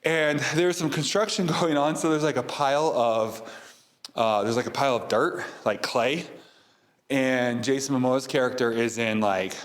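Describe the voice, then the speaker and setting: A man's voice: medium pitch, normal speed. A man hosting a podcast, casually recapping a movie in a rambling way with many fillers. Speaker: podcast host.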